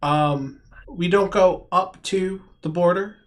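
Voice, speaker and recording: A man's voice: high voice, slow pace. A man acting as game master, narrating a tabletop game over voice chat with frequent ums and restarts.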